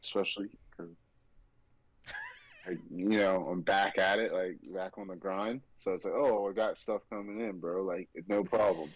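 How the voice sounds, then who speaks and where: A man hosting a casual sports betting podcast, animated and mocking as he talks. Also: low voice, moderate pace, no room sound, rough recording. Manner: animated, mocking, quotes people in sarcastic voices. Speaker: podcast host.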